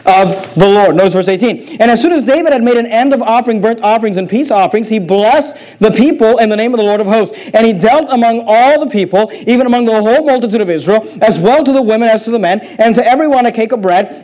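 A man's voice: high voice, darkish tone, poor audio. A man preaching a sermon as pastor, reading scripture aloud and asking the congregation questions, with earnest repetition. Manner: earnest, repeats phrases, asks the congregation questions.

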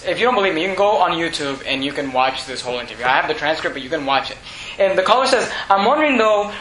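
A male pastor preaching a sermon, swinging from shouted peaks to hushed, quiet lines. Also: a little high, reverberant, a little hiss or hum, rough recording.

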